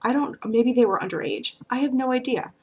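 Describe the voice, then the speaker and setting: A woman's voice: fairly high pitch, fairly quick, dark tone. A woman vlogger telling a personal story in a casual, rambling way, with many fillers and restarts.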